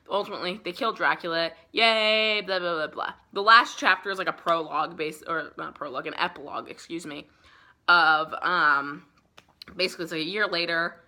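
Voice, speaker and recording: A woman's voice: fairly low pitch, pushed and bright. A young woman vlogger giving a casual, profanity-laced book summary, rambling with lots of fillers. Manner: chatty, profane, filler-heavy storytelling.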